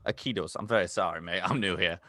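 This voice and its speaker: A man's voice: low-pitched, fast talker, sharp tone, no echo, studio quality. A man putting on a cheery globetrotting male travel guide, calling everyone mate. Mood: chummy. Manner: chummy, calls everyone mate.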